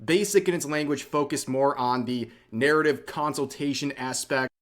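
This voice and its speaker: A man reads a scripted commentary video at a measured, steady pace. His voice is mid-pitched and plain, with an even, reporting delivery. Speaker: video narrator.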